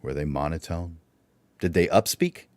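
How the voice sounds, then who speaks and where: A man's voice: sits low, normal speed, a little mellow, no echo. A man presenting a livestreamed speaking workshop, instructive and full of rhetorical questions.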